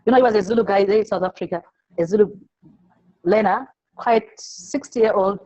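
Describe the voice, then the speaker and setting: A Zimbabwean woman teacher, speaking at a medium pitch with a darkish tone, answers an interview through classroom stories. She tells them haltingly, repeating words and acting out the pupils she quotes. The recording is rough.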